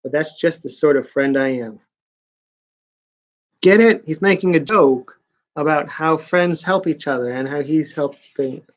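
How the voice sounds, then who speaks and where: Sarcastic man with a higher voice. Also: unhurried, lo-fi sound. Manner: mocking, rambling, deadpan asides. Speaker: comic book reviewer. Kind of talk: casual sarcastic recap.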